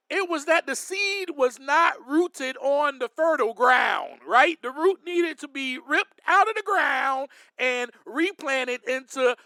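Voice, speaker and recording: A man hosting a faith podcast, speaking to his listeners as friends in an emphatic, preacher-like way, with sudden loud bursts. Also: very high-pitched, clean tone, no echo, studio quality. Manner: addresses listeners directly as friends. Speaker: podcast host. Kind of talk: faith-based podcast monologue.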